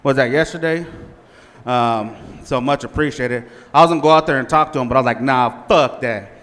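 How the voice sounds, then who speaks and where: A man's voice: medium pitch, fairly quick, fairly bright tone, in a large hall. A man in his forties doing a stand-up comedy set, telling rambling, profane stories full of fillers. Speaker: stand-up comic. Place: small comedy club stage.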